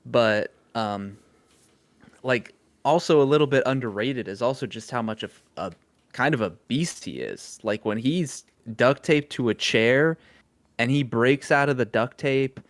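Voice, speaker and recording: A young man co-hosting a podcast, talking in a relaxed way, thinking aloud and chuckling often. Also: mid-range voice, measured pace. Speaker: podcast co-host. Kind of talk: casual chat.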